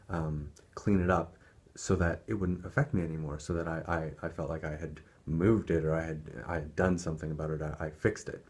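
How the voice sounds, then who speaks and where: A man telling a personal story in a reflective, hesitant way, with many restarts and frequent chuckles. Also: low-pitched. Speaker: personal development speaker.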